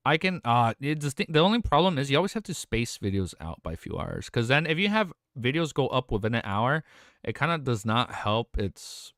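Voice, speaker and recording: A man's voice: mid-range voice, very animated, fairly quick, a bit bright, dry recording, clean studio sound. A young adult man live-streaming, chatting casually, rambling and swearing as he reads chat aloud.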